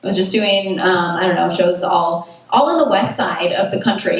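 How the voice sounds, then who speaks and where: A woman's voice: lowish voice, normal speed. Woman doing stand-up in a very echoey room. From United States. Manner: chatty, self-mocking, lots of "like" and "you know what I mean". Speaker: stand-up comedian. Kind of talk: stand-up comedy set. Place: comedy club stage at a festival. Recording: very echoey distant room recording with noise. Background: audience laughter.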